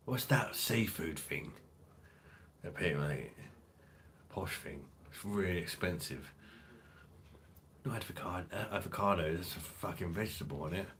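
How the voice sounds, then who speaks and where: Brief: low-pitched male streamer, loose and profane, chatty rambling delivery. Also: fairly bright tone, slight background noise. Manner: swears freely, rambling, laughs often. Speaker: beer review channel host. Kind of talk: casual livestream chat reading viewer comments.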